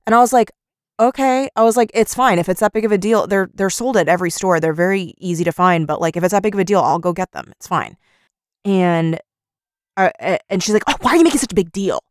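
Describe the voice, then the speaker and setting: A woman's voice: lowish voice, a little fast, no room sound, clean studio sound. A woman co-hosting a podcast, casually retelling an argument and acting out each quoted line. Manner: animated storyteller, acts out quoted lines. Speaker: podcast co-host.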